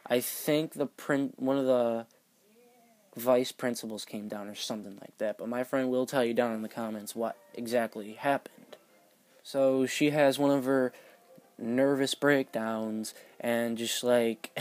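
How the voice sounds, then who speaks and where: A man's voice: mid-range voice, fairly even intonation, measured pace, a little mellow, faint music behind. A teenage boy vlogger telling a school story in a casual, rambling way, full of "like" fillers. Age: teens.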